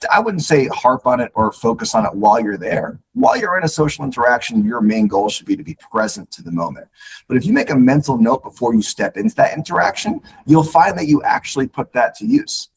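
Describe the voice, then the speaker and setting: A man giving coaching advice as a podcast guest, instructive and animated, often repeating words as he starts sentences. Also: mid-range voice, a little fast, a little hiss or hum, low-quality recording. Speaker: guest speaker on leadership.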